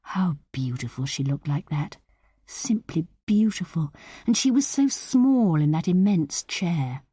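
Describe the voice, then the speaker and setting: A woman narrating an audiobook of a short story in a measured, expressive way. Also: fairly low pitch, husky, dry recording, studio quality.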